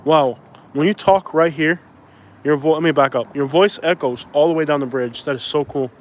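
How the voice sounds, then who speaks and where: A thirties-aged man vlogs on a live stream outside near a bridge, talking casually, rambling, and arguing back at his viewers. His voice is a little high and moves at a normal speed.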